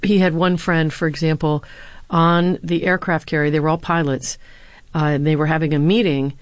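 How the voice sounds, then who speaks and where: A woman's voice: deep voice, little pitch movement, normal speed, no echo. A woman who was a speechwriter and now lectures, answering interview questions with earnest anecdotes and a few fillers. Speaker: former presidential speechwriter and university lecturer.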